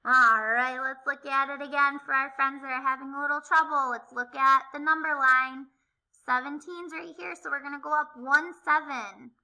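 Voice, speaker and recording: Woman, kindergarten teacher, high voice, very bright tone, slow sing-song delivery, remote math lesson. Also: steady tone, poor audio. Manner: slow, sing-song, exaggerated teacher voice with playful pretend guessing. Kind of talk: remote video math lesson for young children.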